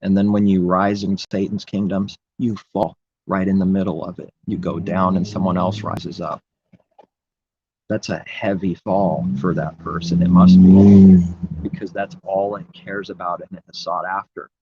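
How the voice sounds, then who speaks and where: A man's voice: low-pitched, flat delivery, normal speed, highs cut off, background noise. A man preaching in an impassioned, rambling religious monologue, repeating his phrases.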